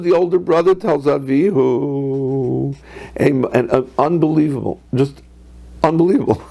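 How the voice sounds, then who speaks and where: A man, a rabbi, teaching a Torah class in a lively storytelling way, quoting texts and then translating them. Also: fairly high pitch, creaky, poor audio. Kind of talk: Torah class on the weekly portion.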